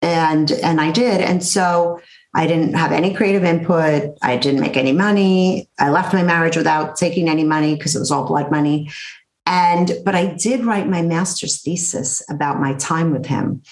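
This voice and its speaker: A middle-aged woman with a slightly low voice tells her story to an interviewer in an animated, blunt way. Her room adds a noticeable echo. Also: normal speed. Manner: animated, blunt storyteller who acts out quotes. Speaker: interview guest, therapist.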